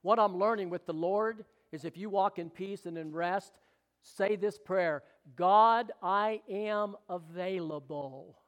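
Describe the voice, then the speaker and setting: High-voiced preacher, drawl. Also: male voice, fairly even intonation, measured pace, lo-fi sound. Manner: exclamatory, calls for amens and jokes with the congregation. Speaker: pastor. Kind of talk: sermon.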